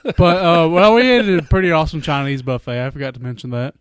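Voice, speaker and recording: A laid-back man co-hosts a podcast and tells a joking story with casual swearing. His voice sits a bit high for a man. The sound is dry and close. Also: very animated, fast talker, smooth, no echo. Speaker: podcast co-host. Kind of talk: casual chat.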